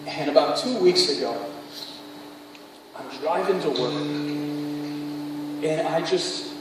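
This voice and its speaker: A pastor with a high voice preaches in a big church hall, his voice echoing heavily and picked up from far off. He tells his story in an earnest, confessional way while music plays behind him. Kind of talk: sermon. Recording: echoey hall, mic far off.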